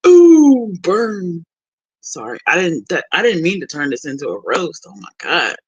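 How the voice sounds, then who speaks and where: A young woman chatting casually to her livestream audience. She is blunt and profane and often breaks into laughter. Her voice is bright and a bit tense. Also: deep voice, sing-song, a little fast, husky, low-quality recording. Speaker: livestream host.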